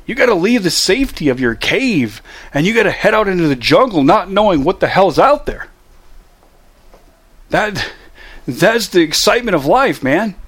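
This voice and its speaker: Middle-aged man with a slightly high voice gives a motivational talk in a loose, conversational way. He hammers his points with rhetorical questions and casual asides. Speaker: motivational speaker. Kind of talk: motivational monologue.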